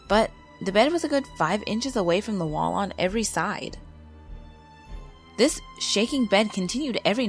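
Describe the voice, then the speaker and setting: A woman calmly reading paranormal stories aloud as a channel's narrator, in a measured, scripted delivery. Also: medium pitch. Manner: calm, measured storytelling read. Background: faint background music.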